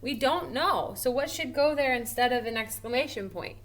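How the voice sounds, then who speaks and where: A woman teacher giving a recorded grammar lesson to first graders, slow and encouraging, drawing out her example sentences expressively. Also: sits high, a bit bright. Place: home or classroom at a smartboard.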